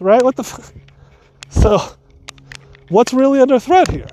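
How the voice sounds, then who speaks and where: High-voiced man giving casual advice. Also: expressive, moderate pace, dark tone, a little hiss or hum. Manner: loose, rambling, with restarts and asides. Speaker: coach.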